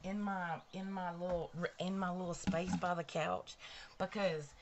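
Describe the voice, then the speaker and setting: A woman's voice: lowish voice, level tone, a little slow, noisy background. A woman hosting a casual live stream from her bedroom, chatty and bubbly, greeting viewers by name. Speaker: livestream host. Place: bedroom at home.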